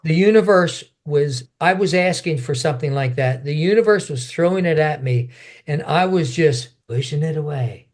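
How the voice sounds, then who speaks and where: An older man's voice sits a little high for a man. He tells his story with animation and acts out other people's lines in quick bursts. He sounds like an interview guest caught up in his own memories. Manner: animated storyteller acting out quotes. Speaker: guest, martial artist and actor.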